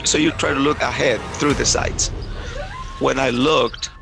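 A man's voice: mid-range voice, fairly even intonation, measured pace, creaky, music in the background. A man giving an intense, earnest first-person testimony, retelling a harrowing experience in vivid detail. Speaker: storyteller recounting a personal experience.

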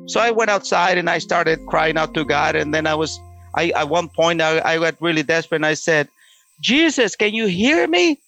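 Earnest, halting man with a slightly high voice. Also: steady tone, bright, forceful tone, soft background music. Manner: earnest, halting, with many restarts. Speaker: storyteller sharing a personal testimony. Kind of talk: emotional personal storytelling.

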